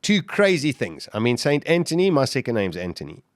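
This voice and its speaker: Animated man telling a survival story. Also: medium pitch, brisk, no room sound, clean studio sound. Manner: animated, with frequent restarts and sudden surges of emphasis. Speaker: podcast guest. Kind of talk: dramatic first-person storytelling.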